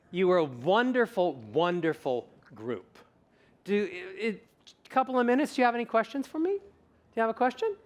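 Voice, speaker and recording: A male vocal coach speaking at a conference and taking audience questions, animated and emphatic, repeating words for stress. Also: sits high, moderate pace. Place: conference stage before a live audience.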